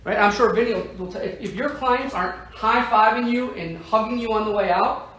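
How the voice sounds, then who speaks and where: Emphatic high-voiced male sales trainer. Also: brisk, fairly bright tone. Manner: emphatic, keeps asking "right?" to the audience. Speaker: sales trainer for insurance agents. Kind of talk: motivational training talk. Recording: echoey room, heard from a distance.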